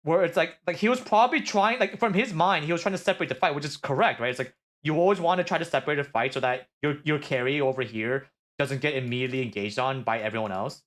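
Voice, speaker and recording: A man streaming, reviewing an esports match in casual, excitable analysis, rambling with many filler words. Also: fairly high pitch, fast talker.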